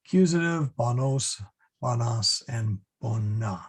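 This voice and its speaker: Husky, slow-talking Latin teacher, man. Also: mid-range voice, expressive. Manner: halting, many fillers and restarts, chuckles at his own jokes. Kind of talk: online class lecture.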